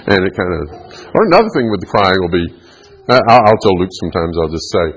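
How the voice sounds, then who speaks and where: A man's voice: deep voice, quick pace, slightly rough, rough recording. A middle-aged man giving a chatty parenting talk, laughing often and acting out kids and moms. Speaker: parenting speaker. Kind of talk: talk to an audience.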